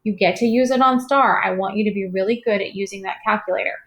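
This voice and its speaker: A woman math teacher recording a lesson late at night, her voice tired, clearing her throat now and then, patient and reassuring with her students. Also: medium pitch, fast talker, a bit bright.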